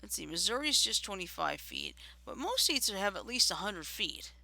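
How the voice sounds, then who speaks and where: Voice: mid-range voice, sing-song, normal speed, gravelly, pushed and bright, no echo. A co-host from Alabama in casual chat on a live stream, talking things through aloud while looking them up. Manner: chatty, thinks aloud while searching. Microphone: streaming setup.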